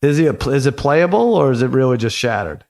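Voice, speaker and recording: Fast-talking man with a gravelly voice. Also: mid-range voice, big pitch swings, a little mellow. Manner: quick, chatty, teasing. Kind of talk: casual chat.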